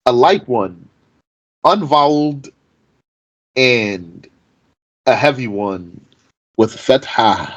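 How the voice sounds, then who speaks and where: A man teaching an informal Arabic grammar lesson. He speaks slowly and deliberately, reciting Arabic text and then explaining it in English. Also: medium pitch, animated, low-quality recording.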